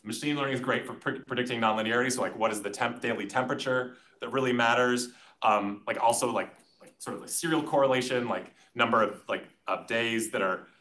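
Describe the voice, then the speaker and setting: A man's voice: medium pitch, fairly quick, sharp tone. Rambling man giving conference comments. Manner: rambling, filler-heavy, self-deprecating. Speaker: conference discussant. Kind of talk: casual academic commentary. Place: conference session room.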